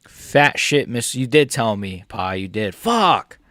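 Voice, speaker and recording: A young man reacting live to a fight for his viewers, swinging between yelling insults and muttering in frustration, swearing heavily and talking to viewers by name. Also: lowish voice, measured pace, dry recording, clean studio sound. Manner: swings between angry shouting and muttered grumbling, heavy swearing. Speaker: MMA streamer reacting live.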